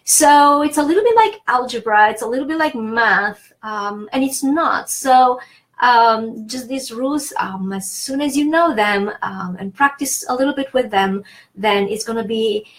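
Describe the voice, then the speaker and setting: Casting note: woman, French accent, language teacher explaining rules patiently, relaxed and unscripted. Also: on the high side, unhurried, rough recording. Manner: explains patiently, with many fillers and restarts. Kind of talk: casual spoken lesson.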